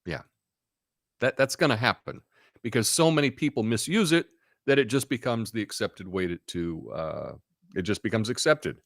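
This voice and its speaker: A man's voice: lowish voice, expressive, normal speed, a bit bright, no echo, studio quality. A man hosting a casual live stream, rambling in an offhand way and reading out chat comments.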